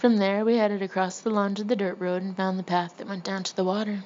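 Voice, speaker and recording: A woman's voice: mid-range voice, level tone, fairly quick, darkish tone. A woman reading her own funny memoir aloud, often breaking into laughter as she goes. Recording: slightly dull lo-fi recording with faint background hiss.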